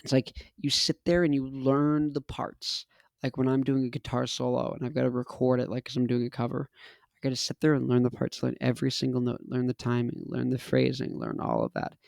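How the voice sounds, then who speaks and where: A man's voice: medium pitch, brisk, vocal fry, a little mellow, no echo. A man in his twenties, hosting a casual monologue, talking in an emphatic, repetitive, punchy way. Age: 20s. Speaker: host.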